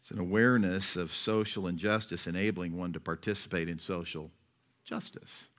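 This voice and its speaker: A man preaching a sermon as pastor, talking in a conversational, wry way that swings between loud and soft. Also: low-pitched, steady tone, normal speed.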